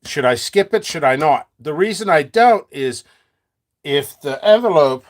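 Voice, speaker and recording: Seed guy rambling to his viewers, jokey, kinda high voice that jumps all over. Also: animated, moderate pace. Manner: rambling, joking, laughs a lot. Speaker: seed seller and channel host. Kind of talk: free-flowing casual talk to viewers.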